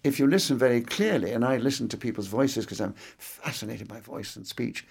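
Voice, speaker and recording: An older man speaks in crisp, carefully enunciated English that carries a faint Scottish lilt. His voice has a gravelly edge of fry, and he talks in a reflective, anecdotal way, as a guest in an interview. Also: mid-range voice, brisk, a little mellow. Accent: faint Scottish inflection in educated English. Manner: articulate, precise diction, anecdotal. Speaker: interviewee, veteran entertainer.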